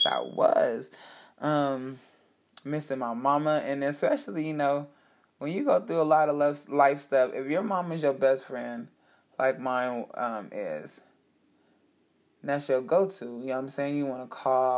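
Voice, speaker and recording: A woman casually telling a personal story to her listeners, candid and profane, animated and emphatic. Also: rumbling low. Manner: speaks to listeners directly. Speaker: storyteller sharing personal life.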